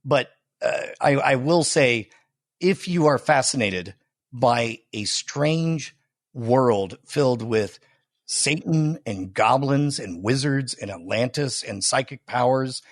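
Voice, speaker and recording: A man on a podcast as a guest, chatting casually about his own show and sometimes slowing into a dramatic movie-trailer delivery. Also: mid-range voice, animated, no echo, studio quality. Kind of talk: casual chat.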